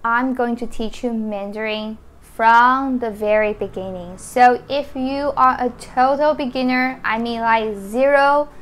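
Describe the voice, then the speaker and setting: A woman, the founder and teacher of a Mandarin school, giving a beginner lesson and sounding out each syllable slowly and repeatedly. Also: fairly high pitch, fairly even intonation, a bit bright. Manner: slow, drawn-out model pronunciations with repeated syllables.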